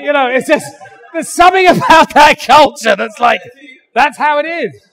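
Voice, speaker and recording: An older English man preaching a sermon, animated and joking, acting out little voices as he goes. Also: extremely high pitch, normal speed, creaky, big-room sound. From England. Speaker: pastor. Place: large church hall.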